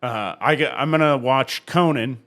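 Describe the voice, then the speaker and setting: A man co-hosting a podcast, telling stories in a casual, animated way, swearing often and laughing. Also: mid-range voice, normal speed. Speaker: podcast co-host and comedy show host. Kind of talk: casual storytelling chat.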